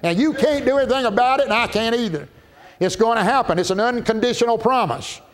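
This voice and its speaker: High-voiced preacher. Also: male voice, lively intonation. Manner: emphatic, slow drawn-out preaching, rising to shouts. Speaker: pastor. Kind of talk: Baptist sermon.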